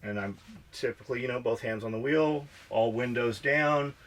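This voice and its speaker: A man's voice: medium pitch, normal speed. A man from Southern California, a podcast co-host, telling a profane, rambling story and acting out the dialogue. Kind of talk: casual storytelling.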